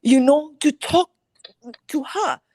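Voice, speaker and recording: Middle-aged woman, high voice, dry close sound; animated storyteller who acts out dialogue. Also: takes it slowly, dry recording. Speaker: guest on a relationship talk show. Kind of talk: casual chat.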